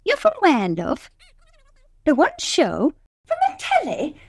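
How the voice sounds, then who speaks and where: A fussy, excitable wife. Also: female voice, high voice, takes it slowly, dry recording, heavily acted. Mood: fussing. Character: fretful, scheming middle-aged wife. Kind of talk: radio sitcom acting.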